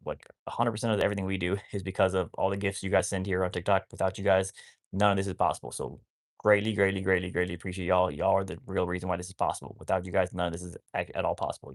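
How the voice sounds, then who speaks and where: A man's voice: deep voice, fairly even intonation, fast talker. A man rambling casually to viewers on a live stream about rescuing wolfdogs, often cooing at his dogs.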